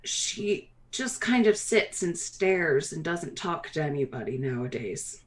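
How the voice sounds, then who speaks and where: A woman's voice: low-pitched, animated, unhurried, a little hiss or hum, pitched below the performer's own voice. A woman voicing a kindly, fretful middle-aged female dwarf mayor who speaks in a motherly, hesitant way. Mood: somber. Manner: motherly, hesitant, hushed when delivering bad news.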